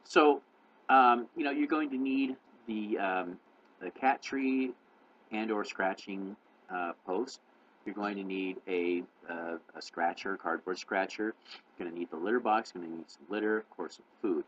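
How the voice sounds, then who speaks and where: A man hosting his own channel, giving casual, rambling cat-care advice full of fillers and restarts, talking fast on purpose. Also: on the low side, a bit bright, highs cut off, a little hiss or hum.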